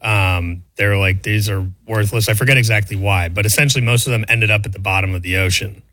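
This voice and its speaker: A man in casual radio banter, relaxed and dryly joking. His voice sits close in a dry studio. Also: lowish voice, quick pace, no room sound. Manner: laid-back, wry. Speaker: radio show co-host.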